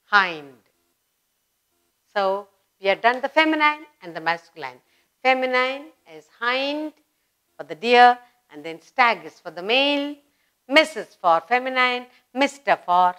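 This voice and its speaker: A woman with an Indian English accent teaching an English grammar lesson to children, repeating words slowly with emphasis. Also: medium pitch, sharp tone.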